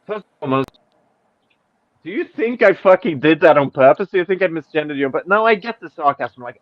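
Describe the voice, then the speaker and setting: Brash host, sweary and mocking, slightly high voice, dull lo-fi recording. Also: male voice, animated, fairly quick, no room sound. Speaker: podcast host. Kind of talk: casual chat, reading out tweets. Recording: dull lo-fi, dry.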